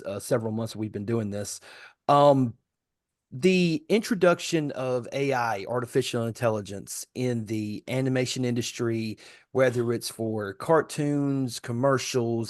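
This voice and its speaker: A man's voice: mid-range voice, darkish tone, dry recording. A man co-hosting a casual interview podcast. He asks rambling questions and keeps restarting them, and his voice is recorded close and dry. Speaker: podcast co-host.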